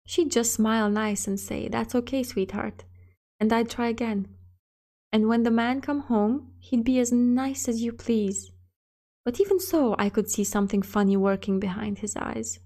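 Higher-voiced woman reading a creepy story, kid's point of view, calm telling. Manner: childlike first-person storytelling. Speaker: story narrator. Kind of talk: scripted horror story narration.

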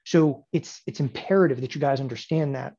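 A man in his forties teaching options trading in a lecture, emphatic and sarcastic, with animated bursts. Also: mid-range voice, brisk, breathy edge, lo-fi sound. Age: 40s.

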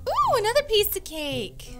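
A woman's voice: very high voice, wildly swooping pitch, normal speed, a bit bright. A woman co-playing a game, panicky and breathless but encouraging her partner. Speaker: co-player. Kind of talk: Roblox let's play chat. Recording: game video with background music.

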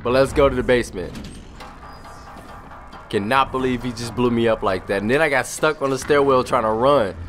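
A young man giving loud, profane, joking commentary while playing a video game. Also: medium pitch, normal speed, long pauses, soft background music. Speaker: gaming commentator. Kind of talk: casual let's-play commentary.

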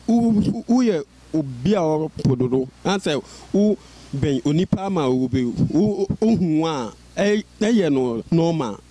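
A man who stutters, repeating syllables and restarting words as he tells his story in an interview. His voice is mellow and a little high for a man. He keeps pushing on through the blocks. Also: no echo. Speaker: interview guest. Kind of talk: personal life-story interview.

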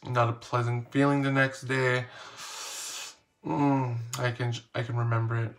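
A man's voice: mid-range voice, level tone, measured pace. A man casually reading questions aloud and answering them in a playful, slangy, self-mocking vlog. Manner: reads each question aloud, then answers. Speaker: vlogger.

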